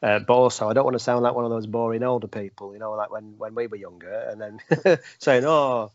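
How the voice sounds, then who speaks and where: A man's voice: on the low side, fairly even intonation, a little fast, darkish tone, no echo. A man who works as a comedian, chatting casually in a rambling, self-mocking, jokey way. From United Kingdom. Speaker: comedian guest. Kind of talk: casual podcast chat. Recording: dull lo-fi call audio.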